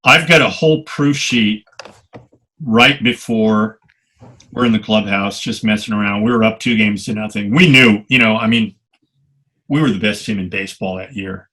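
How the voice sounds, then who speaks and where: Older guy telling stories on a podcast, bright edgy voice, swears a bit. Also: lowish voice, moderate pace. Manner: animated anecdotes, salty language. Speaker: guest photographer. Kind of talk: storytelling interview.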